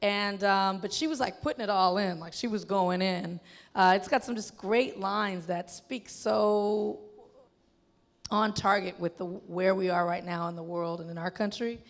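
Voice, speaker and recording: A woman filmmaker talking in an animated, chatty way with lots of fillers, in an onstage conversation at a film festival. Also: mid-range voice, a little slow. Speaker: filmmaker guest. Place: film festival venue with an audience. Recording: long hall reverb.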